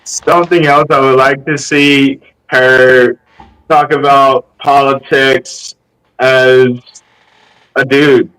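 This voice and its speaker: A man's voice: mid-range voice, flat delivery, slow pace, fairly bright tone, clear, resonant tone, low-quality recording. A man on a comedy game show panel, joking in short, punchy bits. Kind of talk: casual chat.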